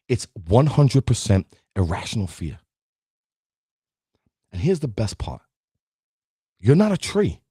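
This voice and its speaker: Emphatic motivational man, husky and lively. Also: lowish voice, dry recording, studio quality. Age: middle-aged. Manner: preachy, emphatic, addresses listeners directly. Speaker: podcast host. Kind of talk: motivational talk.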